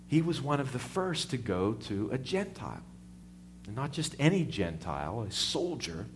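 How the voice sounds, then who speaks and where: A man's voice: medium pitch, a little hiss or hum. A male pastor preaching a sermon, with call-and-response asides to his congregation.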